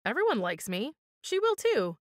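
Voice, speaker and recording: A woman's voice: on the high side, moderate pace, no echo, voice pushed up. Lady reading as a bold chatty kid, voice jumping all over, super eager, dry close sound. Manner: eager, excitable. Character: bold chatty young girl, curious and confident.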